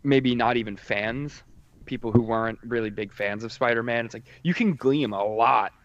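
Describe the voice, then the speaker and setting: A man talking casually about video games with friends. His voice sits in a middle range, and he runs his thoughts together in animated bursts. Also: medium pitch, moderate pace, lo-fi sound. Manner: animated, acts out quotes mid-sentence. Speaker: podcast co-host.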